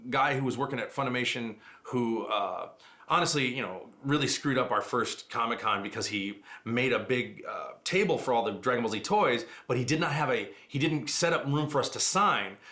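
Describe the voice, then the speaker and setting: A middle-aged man, a voice actor, telling animated stories in a casual interview. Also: mid-range voice. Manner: fast, animated anecdotes with quick asides.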